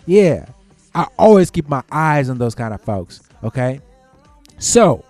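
A man with a slightly raised voice talks straight to his listeners in a loose, chatty way, often stopping to ask if they follow. He says y'all and folks and repeats his key points. The sound is dry and close, with soft music underneath. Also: a little high, no room sound. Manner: conversational, uses y'all and folks. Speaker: commentator. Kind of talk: casual advice talk.

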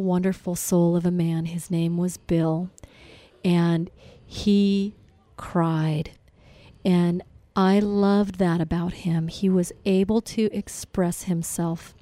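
A woman's voice: on the low side, dark tone, dry recording. A woman hosting a casual conversation, reflective and encouraging as she shares a personal story. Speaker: host.

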